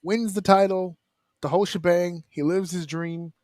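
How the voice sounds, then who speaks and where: Animated, profane man in a round-table chat. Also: sits high, no room sound, studio quality. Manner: animated, profane, mimics wrestlers in quick asides. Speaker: wrestling podcast panelist.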